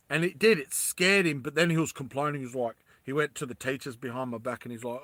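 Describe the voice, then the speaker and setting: A man's voice: a little high, a little fast, few pauses, bright, forceful tone, no room sound. A man talking casually on a livestream, rambling and often laughing as he addresses his viewers.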